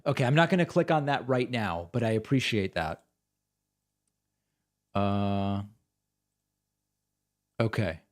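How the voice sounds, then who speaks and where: A man's voice: mid-range voice, darkish tone. Chatty man hosting a livestream. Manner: chatty, rambling, reads out supporter names. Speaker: host. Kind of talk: casual livestream chat.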